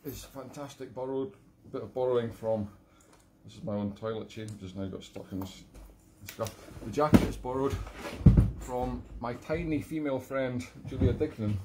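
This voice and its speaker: Middle-aged musician host, casual and self-mocking, chatting to viewers from home, average pitch. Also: male voice, moderate pace, very noisy. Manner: rambling, self-mocking, reading comments aloud. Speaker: musician hosting a live stream. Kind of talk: casual live-stream chat. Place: home room.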